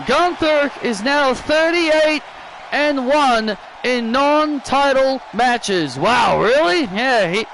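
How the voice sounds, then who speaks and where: A man giving excitable play-by-play commentary on a wrestling video game, often repeating himself. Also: very high-pitched, background noise.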